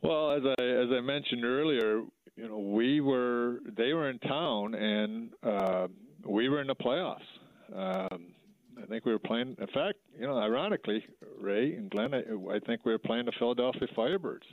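A middle-aged former hockey player telling a story in a halting way, full of fillers and restarts, over a phone line. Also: male voice, mid-range voice, expressive, dry recording. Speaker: former minor league hockey player, guest. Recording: tinny phone line, dry.

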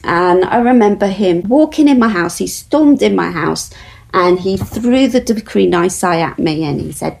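A woman's voice: medium pitch, animated, moderate pace, vocal fry, darkish tone, poor audio. A woman guest earnestly telling a personal story in a conversation.

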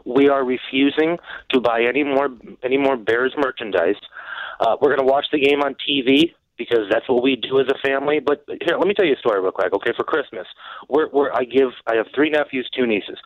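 A man phones in to a sports show and tells a rambling, animated story, tripping over his words. His voice is mid-pitched. The sound is dry and muffled, as heard on the radio. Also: brisk, dry recording. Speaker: caller. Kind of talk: phone-in call.

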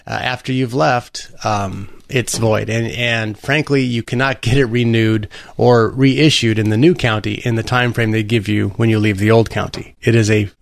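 A man's voice: fairly low pitch, fairly even intonation, normal speed, vocal fry, few pauses, dry recording. A man hosting a talk radio show, rambling and sarcastic, with frequent restarts. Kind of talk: casual political talk radio.

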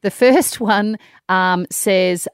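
A woman's voice: mid-range voice, very slow, smooth, no room sound, studio quality. A woman co-hosting breakfast radio, cheeky and giggly in playful banter.

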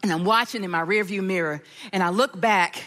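A middle-aged woman preaching a sermon with a personal story, telling it in an animated way and acting out the voices of the people in it. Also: mid-range voice, fairly quick. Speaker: pastor.

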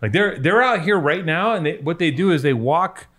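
A man's voice: a little high, expressive, moderate pace, fairly bright tone. A man hosting a podcast in casual chat, joking and rambling with a lot of swearing. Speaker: podcast host.

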